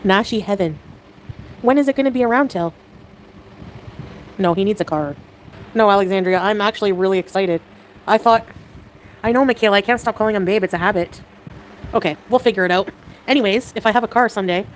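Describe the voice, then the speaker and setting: Excitable giggly woman livestreaming. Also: mid-range voice, a little hiss or hum, low-quality recording. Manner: excitable, giggly, quick mood swings. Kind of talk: casual livestream chat.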